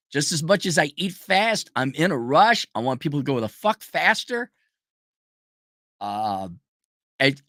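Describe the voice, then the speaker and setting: A man's voice: on the high side, no room sound, studio quality. Blunt, profane middle-aged man ranting. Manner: animated, switches to mocking impressions. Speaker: show host. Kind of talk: personal monologue.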